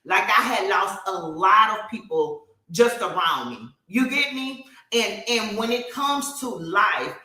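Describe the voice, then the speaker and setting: A woman chats on a podcast, her voice bright and forward. She tells stories with animated energy and frequent fillers. The room around her is echoey. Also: medium pitch, slow, hardly any pauses. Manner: animated storytelling with many fillers. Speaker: podcast co-host. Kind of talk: casual podcast chat.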